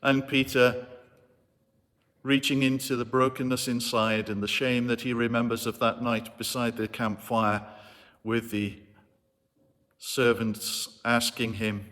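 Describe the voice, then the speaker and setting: A man's voice: medium pitch, level tone, a little slow, pauses often, fairly bright tone. A man preaching a sermon as a vicar, retelling a story in an earnest, reflective way. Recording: long hall reverb.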